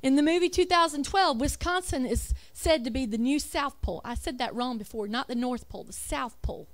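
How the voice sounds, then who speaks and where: This woman's voice sits high and moves fairly quickly as she delivers an emphatic religious talk with slides. She poses rhetorical questions, reads lists aloud, and keeps correcting herself.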